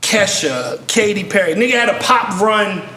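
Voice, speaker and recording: A man from Virginia telling stories in casual chat, animated and acting out the people he quotes. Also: high-pitched, normal speed, roomy sound, a little hiss or hum. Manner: animated storyteller, acts out quotes. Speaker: guest rapper and songwriter.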